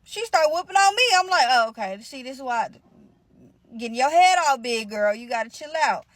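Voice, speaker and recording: A young woman with a somewhat high voice tells a story in casual, rapid-fire bursts, swearing freely and slipping into each person's voice for the quotes. The sound is close and dry, with no room around it. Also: dry recording. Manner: animated, profane, acts out quotes.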